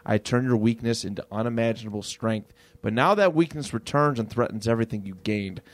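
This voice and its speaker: A man putting on a low, menacing voice for a cruel, scheming old male galactic emperor while retelling a comic on a podcast. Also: fairly quick, natural voice.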